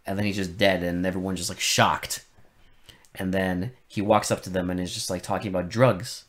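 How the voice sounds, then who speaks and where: A man co-hosting a podcast, chatting casually about a film with deadpan sarcasm and plenty of swearing. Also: low voice, normal speed. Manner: sarcastic, profane, deadpan irony. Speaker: podcast co-host. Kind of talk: casual film review chat.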